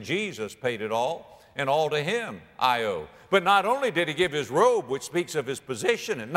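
A man preaching a sermon, dramatic and animated, acting out biblical speakers and rising to near-shouts. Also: on the high side, big-room sound.

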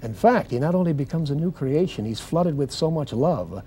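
An older man telling his testimony as a guest in a TV interview, fervent and swinging between loud and soft like a preacher. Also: a little high, animated, moderate pace, slight background noise.

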